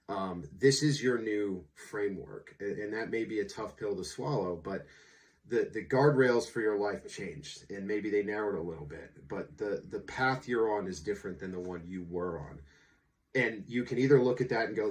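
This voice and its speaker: A man's voice: fairly low pitch, normal speed, recorded from a distance. A man in his thirties, a divorce coach, talking to camera in a candid, informal way with blunt slang. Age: 30s. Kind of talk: unscripted casual talk to camera.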